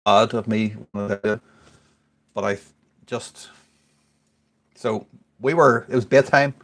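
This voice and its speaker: Extremely slow and pausing often, a man in his forties with a lowish voice tells a wandering, sweary story. He's a podcast regular, a little tipsy from beer, talking casually.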